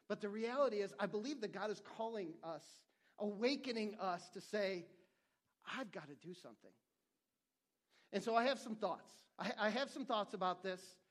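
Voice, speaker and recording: A middle-aged male pastor preaching a sermon in an earnest, conversational way, often restarting his phrases. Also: sits high.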